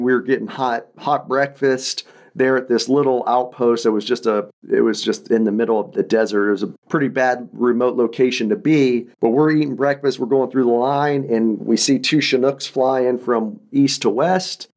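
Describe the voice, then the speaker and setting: A man in his thirties, a veteran and podcast guest, recounting his past in an earnest, halting, reflective way with frequent restarts. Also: mid-range voice, steady tone. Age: 30s. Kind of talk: personal storytelling in an interview.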